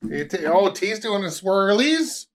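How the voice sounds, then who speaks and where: A man's voice: sits high, very animated, measured pace. A man co-hosting a casual wine-tasting podcast, talking loosely, swearing and laughing with friends. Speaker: podcast co-host. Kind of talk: casual chat.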